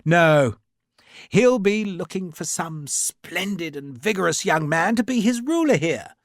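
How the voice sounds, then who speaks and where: A suave, genteel renegade officer, as a male narrator puts him on, lifted well above the reader's own pitch and full of sly amusement. His speech lilts up and down with lively, mocking ease. The reading is dry and close, with no room around it. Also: a little slow, no room sound. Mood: urbane, mocking. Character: smooth, cheerful aristocratic renegade officer, man.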